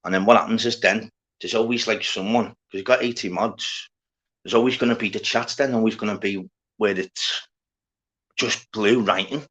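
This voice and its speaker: A man with a fairly low voice hosts a casual livestream, rambling to his viewers. He talks in loose slang, swears freely and keeps greeting people by name from the chat. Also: fairly even intonation, normal speed, fairly bright tone, husky. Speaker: livestream host.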